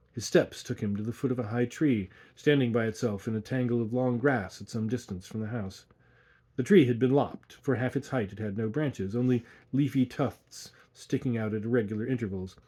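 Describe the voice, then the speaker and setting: Male storyteller, husky mid-pitched voice, measured audiobook narration of a ghost tale. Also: dark tone. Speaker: audiobook reader.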